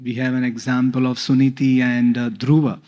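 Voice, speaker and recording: A man giving a scripture talk, pausing often with fillers. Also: mid-range voice, flat delivery, dark tone. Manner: hesitant, many fillers. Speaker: spiritual speaker.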